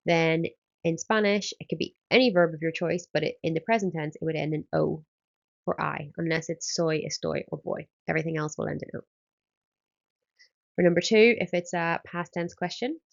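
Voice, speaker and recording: A woman with a deep, gravelly voice whose high frequencies are cut off. She's a Spanish teacher in a recorded lesson, walking through exam answers step by step and frequently opening with "um."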